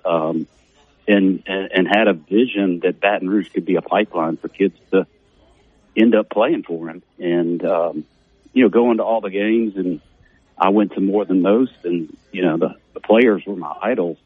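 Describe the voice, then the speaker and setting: A man's voice: low-pitched, moderate pace, slightly rough, no echo. A middle-aged man, a former player as a guest on a casual radio interview, rambling with many fillers. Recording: dull narrow phone-like radio audio, dry.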